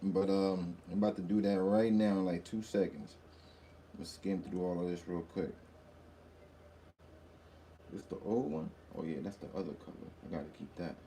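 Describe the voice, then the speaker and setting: A slightly hungover man hosts a casual livestream, shouting hype greetings to viewers by name and rambling through loose asides. His voice sits low with fairly even intonation and a moderate pace, he pauses often, and there's a little hiss or hum.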